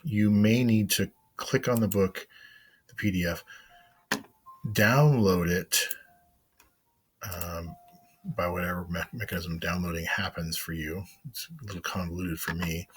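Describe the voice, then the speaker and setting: Male teacher, very low and husky voice, casual screen-share walkthrough with frequent ums. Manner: casual, meandering, narrating screen clicks with fillers. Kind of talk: recorded screen-share lesson overview.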